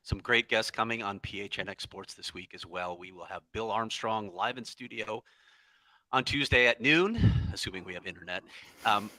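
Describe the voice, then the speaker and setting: A man's voice: on the low side, normal speed, bright, forceful tone, no room sound. A man co-hosting a sports podcast in casual, playful chat. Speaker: podcast co-host.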